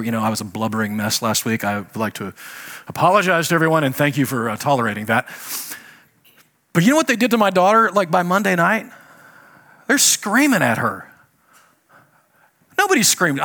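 Husky middle-aged man preaching with swings. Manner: conversational, swings between loud emphatic bursts and hushed low lines. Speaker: pastor. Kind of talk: sermon.

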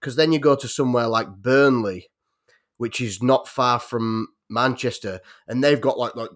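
A man with a North Yorkshire accent chats on a podcast in a mid-pitched voice. He rambles, restarting his sentences and filling them with likes and ums. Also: fairly bright tone. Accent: North Yorkshire English. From North Yorkshire, England. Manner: rambling, many restarts and fillers. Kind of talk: casual podcast chat.

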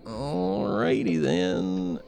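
A man narrating as game master in a tabletop game, talking in halting bursts full of fillers. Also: on the high side, huge pitch swings, gravelly, mellow.

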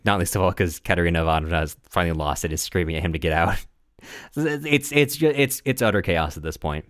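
A man with a very low, deep voice, recapping a book in loose, casual chat. He stumbles and restarts often and laughs as he goes. The sound is close and dry. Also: no room sound. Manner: rambling, halting with many restarts and fillers, laughs often. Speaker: podcast co-host.

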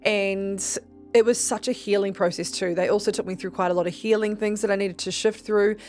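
A young Australian woman hosting a podcast, telling a story in a casual, animated way, swearing freely and acting out what people said. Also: brisk, faint music behind. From Melbourne, Australia. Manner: animated, swears freely, acts out dialogue with big pitch jumps. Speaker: podcast host.

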